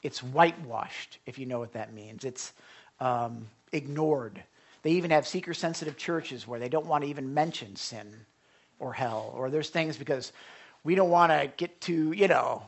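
A creaky, medium-pitched male voice preaches as a pastor in a chatty way. He stumbles, repeats and starts over, and his hushed asides keep swelling into fervent outbursts.

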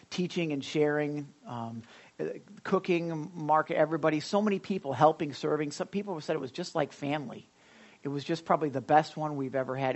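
A man leading a church service as pastor, giving announcements in a chatty, rambling way with many fillers and some self-deprecating jokes. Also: a little high. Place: church sanctuary during a service.

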